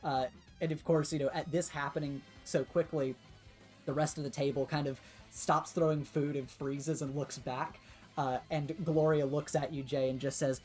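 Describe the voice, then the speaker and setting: A woman's voice: deep voice, moderate pace, soft background music. A woman narrating a tabletop role-playing game as game master, loose and full of fillers. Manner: filler-heavy, relaxed narration.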